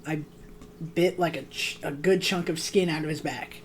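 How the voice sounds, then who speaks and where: A man's voice: on the high side, steady tone, normal speed. Young guy mumbling through a story on a podcast, lots of room noise behind him. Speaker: podcast co-host. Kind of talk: casual chat.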